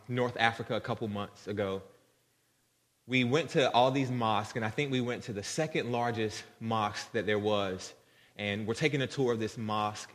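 A male pastor preaching a sermon, swinging from loud, fervent emphasis to soft, tender tones. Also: medium pitch. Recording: long hall reverb.

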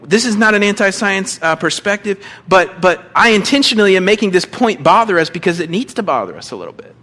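Guy preaching, pretty high voice, acts out the quotes, goes loud then real quiet. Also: brisk. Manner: expressive preaching with acted-out quotes and big pitch swings. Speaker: pastor. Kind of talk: sermon.

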